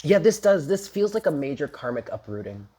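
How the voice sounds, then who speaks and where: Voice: mid-range voice, sing-song, brisk, warm tone, slightly rough. A tarot reader giving a casual daily reading, talking straight to viewers in a chatty, emphatic and blunt way with casual swearing.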